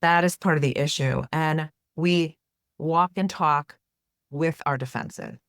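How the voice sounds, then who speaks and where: A woman's voice: sits low, slow, a bit bright, no room sound, studio quality. A woman therapist speaking as a guest in an interview, explaining earnestly and often checking in with "right?". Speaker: therapist and author, podcast guest. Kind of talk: conversational interview.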